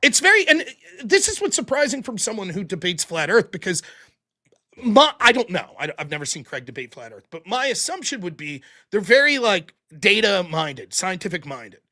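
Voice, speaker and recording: A man's voice: high-pitched, moderate pace. A man hosting a live call-in stream, talking casually and acting out quotes in voices. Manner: animated, acts out quotes in voices. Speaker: call-in show host.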